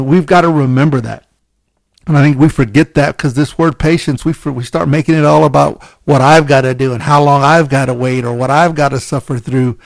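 A man's voice: mid-range voice, creaky, a little mellow, no echo. A man preaching a conversational sermon, candid and self-deprecating, often restarting his sentences and checking in with "right?".

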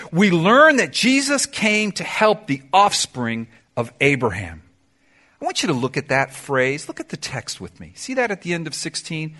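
Middle-aged male pastor, sermon delivery, bright and a bit high, emphatic with sudden hushed asides. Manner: emphatic preacher, swings from loud to soft and confiding; sings song lyrics in snatches.

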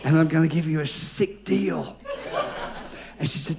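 A man's voice: on the high side, unhurried, pauses often, noisy background. A male pastor preaching a sermon, telling stories with humor and leading the congregation in call-and-response.

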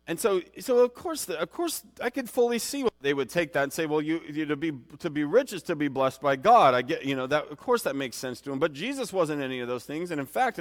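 A man's voice: mid-range voice, in a large hall. A man preaching an informal sermon in a conversational, rambling way, with many restarts and fillers.

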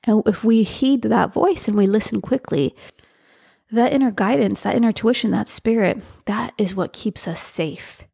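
A woman's voice: mid-range voice, moderate pace, creaky, dark tone, breathy edge. A woman hosting a podcast, speaking earnestly in casual solo talk, with frequent restarts as she tells a personal story. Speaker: podcast host.

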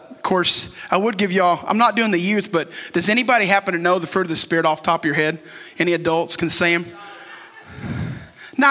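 A man preaching a lively, joking sermon in a church. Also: high-pitched. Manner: joking, self-teasing, animated. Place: church sanctuary. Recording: long reverb of a church hall.

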